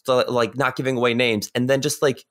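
A man's voice: medium pitch, little pitch movement, brisk, a bit bright. A man as a guest on a podcast, chatting casually and rambling with many restarts and repeated words. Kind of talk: casual interview chat.

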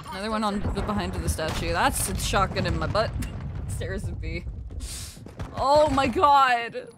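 A young adult woman streaming a shooter game, chatting with viewers, swearing freely and reacting loudly to tips. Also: high voice. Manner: excitable, swears a lot, reacts loudly to donations. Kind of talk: live gaming stream chat and commentary. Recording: noisy home stream recording with keyboard clicks.

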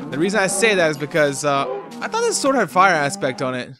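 A man's voice: a little high, expressive, a little fast, music in the background. A young man from North Carolina, rambling and joking through casual let's play commentary of a block-building game. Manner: rambling, jokey, talks to his game animals. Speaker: gaming host.

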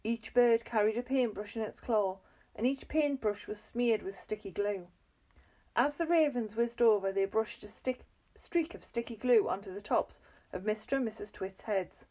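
A woman reading a children's book aloud, lively and expressive. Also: on the high side, moderate pace. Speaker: reader.

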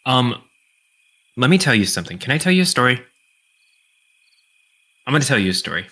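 A man with a sharp, very bright voice chatting casually on a stream. He jokes and rambles, tripping over restarts as he goes. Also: medium pitch, sing-song, breathy edge, rough recording. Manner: joking, rambling, halting. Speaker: streamer guest.

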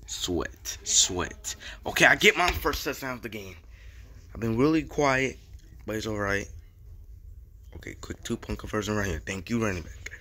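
A young man giving casual commentary over his football video game, slangy and excitable, repeating chants and getting hyped on big plays. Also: on the low side, moderate pace. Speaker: gaming YouTuber. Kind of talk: gameplay commentary.

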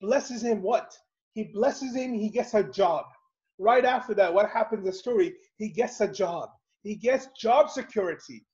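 A man leads an online study circle, telling stories and asking rhetorical questions in an animated way. His voice sits high and the call audio is dull and lo-fi. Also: normal speed. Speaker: halaqa speaker and host. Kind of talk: religious lesson over video call. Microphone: video call.

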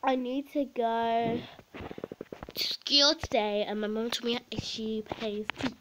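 A woman voicing a spoiled posh pupil who talks in a slow, haughty and disdainful way. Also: fairly high pitch, fairly even intonation, background noise.

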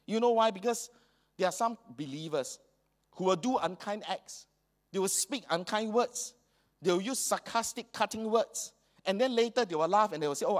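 A man with a Singaporean English accent preaching a sermon in a church hall, slipping colloquial local phrases into his talk. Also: sits high. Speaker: pastor.

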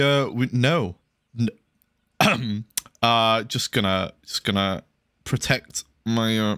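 A man's voice: medium pitch, a bit bright, dry recording, studio quality. A man giving casual, rambling game commentary, mocking himself and swearing freely. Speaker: gaming channel host.

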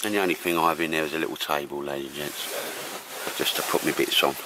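Low-voiced male vlogger, slangy and chatty, recorded outdoors with light background noise. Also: rapid-fire. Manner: chatty, slangy, keeps saying ladies and gents. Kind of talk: casual camping vlog walkthrough. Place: outdoors at a campsite.

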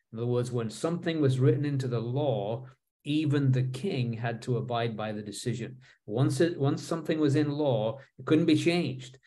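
Mellow-voiced man teaching a Bible lesson. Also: mid-range voice. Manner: reads scripture aloud then explains it conversationally, with fillers and restarts.

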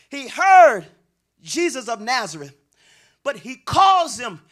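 A male pastor preaching a sermon, building into shouts and sing-song cadences, with call-and-response lines to the congregation. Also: extremely high pitch, big pitch swings, slow pace.

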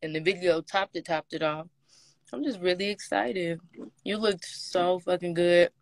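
A woman chatting on a phone live stream in a relaxed, drawling way with casual slang. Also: lowish voice, a little slow, no room sound. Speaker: Instagram live guest. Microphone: phone camera.

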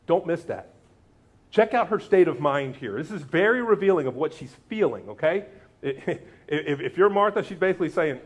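Male pastor, sermon, high voice, very expressive delivery. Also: fairly quick. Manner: animated, acts out quotes with big pitch jumps.

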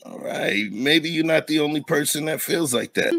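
A man's voice: on the high side, moderate pace, vocal fry, fairly bright tone, no echo. A man hosting a casual interview chat, teasing and playful, laughing often. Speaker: host.

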